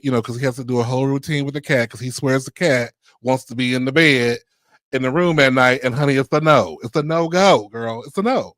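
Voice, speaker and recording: A man's voice: medium pitch, dry recording, clean studio sound. A man hosting a podcast in casual chat, sassy, flamboyant and playful. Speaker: podcast host.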